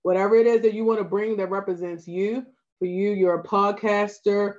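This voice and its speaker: A woman's voice: medium pitch, fairly even intonation, normal speed, a little mellow, lo-fi sound. Baltimore-accented woman photographer giving advice. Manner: earnest, advice-giving, frequent "right?" asides. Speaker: photographer guest. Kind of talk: casual podcast interview.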